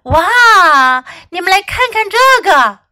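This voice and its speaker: A woman's voice: high-pitched, very animated, very slow, pushed and bright, dry recording, clean studio sound, voice pushed up, heavily acted. A woman voicing Dexter, a tattling young schoolmate in a children's storybook. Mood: amazed. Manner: tattling and amazed.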